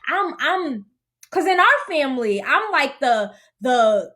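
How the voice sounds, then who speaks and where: High, lively woman telling her story. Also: slow. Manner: animated, acts out dialogue in vivid voices. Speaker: podcast host. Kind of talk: personal storytelling.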